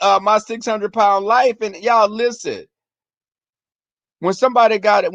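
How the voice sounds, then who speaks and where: Full of profanity and energy, a man rants to his viewers with crude anecdotes, acting out fights in a shrill tone. The recording is muffled and has no room sound.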